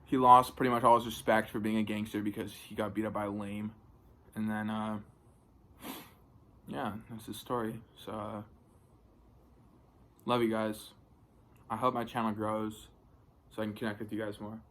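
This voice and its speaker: A man's voice: fairly low pitch, little pitch movement, normal speed, long pauses, pushed and bright. A young man telling a story in a casual vlog, rambling, swearing often and filling with "like". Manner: rambling, profane, filler-heavy retelling. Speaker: vlogger.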